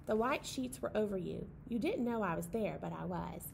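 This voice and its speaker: A woman reading a picture book as a gentle night owl telling its own story, in a soft, tender, unhurried voice. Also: mid-range voice, lively intonation, creaky, a little hiss or hum. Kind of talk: picture-book read-aloud.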